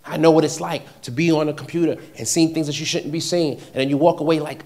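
A man with a fairly high voice delivering a sermon before a congregation. He preaches with emphasis, repeating key phrases and moving between hushed, personal lines and loud, ringing declarations. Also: fairly even intonation, quick pace, hardly any pauses.

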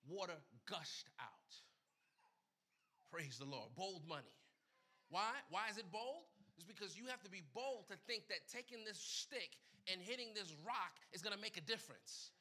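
A man's voice: high voice, bright, forceful tone, breathy edge. A man preaching a sermon as pastor, emphatic and repetitive.

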